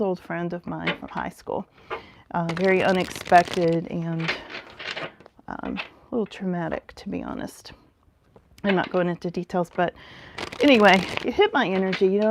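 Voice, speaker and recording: A woman's voice: medium pitch, darkish tone, slight background noise. A woman hosting a live tarot stream outdoors in the mountains. She chats casually, laughs often and greets viewers by name.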